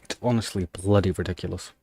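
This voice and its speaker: A man's voice: low voice, steady tone, fast talker, mellow, slight background noise. Annoyed man ranting on stream. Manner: annoyed, ranting while typing commands. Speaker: livestreamer. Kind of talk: casual live stream chat.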